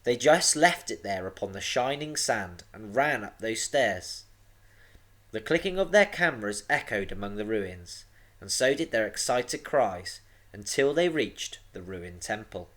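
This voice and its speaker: A man, a teacher, reading a storybook aloud to young pupils with a dramatic, expressive delivery. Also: fairly low pitch, unhurried. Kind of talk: storybook read-aloud for children.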